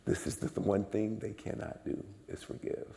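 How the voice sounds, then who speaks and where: A man preaching a sermon in a church, emphatic and repetitive, swinging from low murmurs to loud exclamations. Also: monotone, moderate pace, gravelly, big-room sound. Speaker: guest preacher. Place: church sanctuary.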